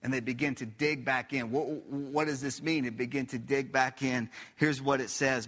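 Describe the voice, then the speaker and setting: A man's voice: mid-range voice, steady tone, moderate pace, hardly any pauses, a bit bright, big-room sound. A man preaching a sermon as pastor, emphatic and repetitive, putting questions to his listeners. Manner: emphatic, repeats phrases, asks the audience questions.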